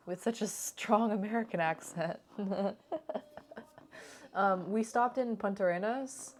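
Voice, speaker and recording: Rambling casually over travel clips, this woman, a cooking channel vlogger, laughs a lot and swears occasionally. Her mid-range voice is unhurried with frequent pauses, and a little hiss or hum sits under the recording.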